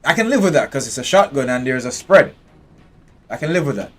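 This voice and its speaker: Guy streaming a strategy game live, average pitch, chatty, bossing his soldiers around. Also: sing-song, brisk, soft background music. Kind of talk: live gameplay commentary.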